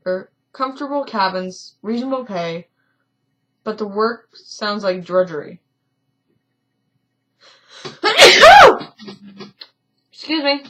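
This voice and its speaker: A woman's voice: medium pitch, animated, slow, long pauses, a bit bright, lo-fi sound. A woman reading a story game aloud in a casual let's-play, often stumbling and correcting herself, with chatty asides.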